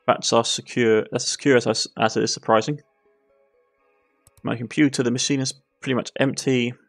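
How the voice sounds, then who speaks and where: Gravelly Cornish man reading a game. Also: mid-range voice, steady tone, moderate pace, faint music behind. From Cornwall. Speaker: gaming YouTuber. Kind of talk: let's play, reading game text aloud.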